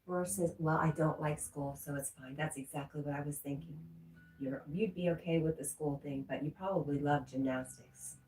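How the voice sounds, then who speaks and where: A middle-aged woman hosts a casual livestream, reading chat messages out loud and answering them while laughing often. Her voice is low and darkish at a moderate pace, and the audio is poor and reverberant.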